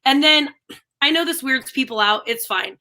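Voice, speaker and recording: A woman co-hosting a live stream, chatting casually and telling animated, ranting stories. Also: high-pitched, normal speed. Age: adult with a daughter. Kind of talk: casual chat.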